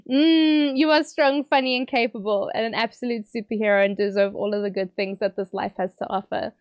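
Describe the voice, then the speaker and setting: A woman streamer reading out viewer messages on a livestream, teary and emotional, bubbly and quick to laugh. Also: on the high side, fairly even intonation, dry recording, studio quality.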